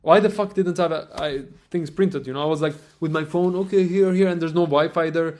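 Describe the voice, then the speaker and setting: Rapid, slightly high-voiced man, vlogger, swears a lot, loose story-telling delivery. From Iran. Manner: animated, profane, many fillers like "you know" and "man". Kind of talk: casual storytelling to camera.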